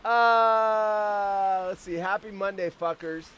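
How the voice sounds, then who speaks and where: A man in his fifties hosts a casual outdoor live stream while on vacation, swearing freely and jumping from tangent to tangent. His high voice is steady, a bit bright, clear and resonant, though the audio is dull.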